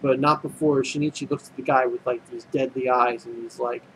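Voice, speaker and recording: A man's voice: mid-range voice, steady tone, fairly quick, fairly bright tone, a little hiss or hum, rough recording. A man casually recapping an anime episode, rambling and full of fillers and restarts. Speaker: anime reviewer.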